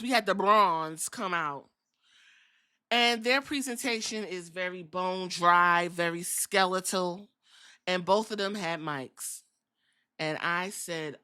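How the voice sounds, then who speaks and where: A woman's voice: medium pitch, pushed and bright, clear, resonant tone. A woman hosting a podcast, recapping wrestling in a sassy, profane, casual way. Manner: sassy, profane, acts out quotes. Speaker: podcast host.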